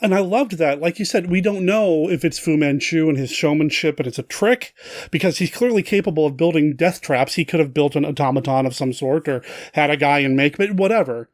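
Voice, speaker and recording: A man's voice: a little high, brisk, dry recording, clean studio sound. A man hosting a podcast, chatting enthusiastically about a film. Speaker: podcast host. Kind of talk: casual film discussion.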